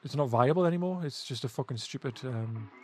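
A man's voice: medium pitch, brisk, soft background music. A man co-hosting a podcast, chatting casually while playing retro games, blunt and playful with frequent swearing. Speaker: podcast co-host.

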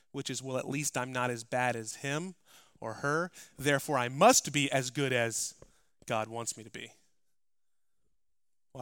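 A man preaching a sermon, moving between quiet, conversational asides and loud, emphatic scripture reading. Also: medium pitch, clear, resonant tone, no room sound, clean studio sound. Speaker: pastor. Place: church.

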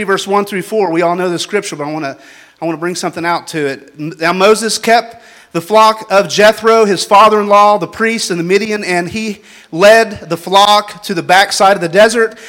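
A man preaching a sermon in a folksy, repetitive way, building up to shouted exhortations. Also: sits high. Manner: folksy, ungrammatical phrasing.

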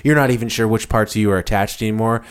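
A man's voice: on the low side, fairly even intonation, rapid-fire, clear, resonant tone. A man co-hosting a comedic podcast, rambling through tangents with frequent restarts and laughter. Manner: rambling, self-interrupting, laughs often. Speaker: podcast co-host. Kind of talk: casual comedic chat.

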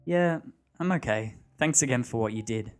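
A man's voice: mid-range voice, animated, moderate pace, clean tone, close to an everyday voice. A man voicing an eager, tipsy young woman in a storybook reading, lifting his voice for her. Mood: grateful.

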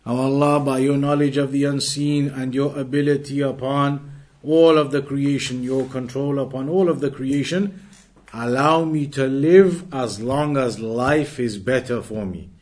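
A man's voice: medium pitch, steady tone, darkish tone. Man teaching a patient religious lesson. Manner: explains patiently, repeating phrases and rewording; recites Arabic passages quickly. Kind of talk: Islamic lesson reading and explaining.

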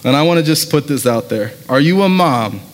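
In a church sanctuary with long hall reverb, a pastor with a high-ish, animated voice preaches a sermon briskly. He speaks casually, telling stories conversationally with many fillers.

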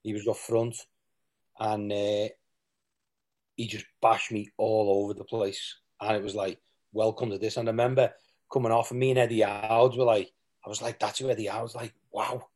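A man's voice: lowish voice, little pitch movement, normal speed, a little mellow. A man, a former footballer, telling candid stories in an interview and often quoting what people said. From England. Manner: rambling, with restarts and quoted asides.

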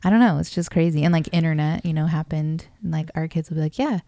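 Low, gravelly woman co-hosting a podcast. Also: little pitch movement, fast, mellow, dry recording, studio quality. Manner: rambling, filler-heavy, giggly. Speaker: podcast co-host. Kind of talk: casual couple's podcast chat. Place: darkened room at home. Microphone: studio microphone.

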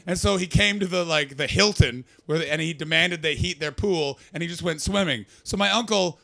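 A man from Canada doing a stand-up comedy set, sarcastic and excitable, throwing asides to the crowd. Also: a little high, brisk, vocal fry.

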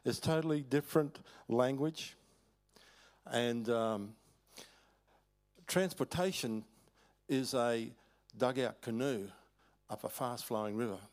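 An older Australian man preaching a sermon, telling stories in a folksy way with chuckles and halting restarts. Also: medium pitch. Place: church hall.

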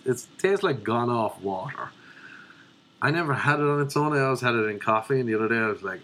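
A man's voice: medium pitch, fast, slight background noise. A young man with an Irish accent gives a profane, ranting comedic monologue as a vlogger. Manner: profane, ranting, animated storyteller.

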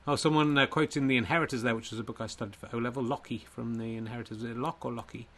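A man playing a Neanderthal character, talking slow and deadpan about losing. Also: mid-range voice. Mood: glum. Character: Neanderthal version of host, male, gloomy, self-mocking.

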